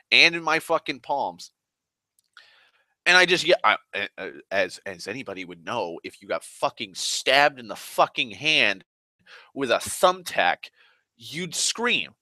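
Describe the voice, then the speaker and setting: A man's voice: a little high, pushed and bright, no echo. A young man telling a long profane story in an exasperated rant, often slipping into other people's voices.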